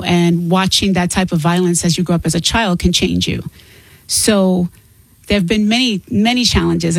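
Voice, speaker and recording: A woman's voice: lowish voice, a little mellow, no room sound, rough recording. A middle-aged woman, a singer and author, speaking earnestly and openly as a guest in an interview. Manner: earnest and open, laughs between points. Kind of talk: candid interview talk.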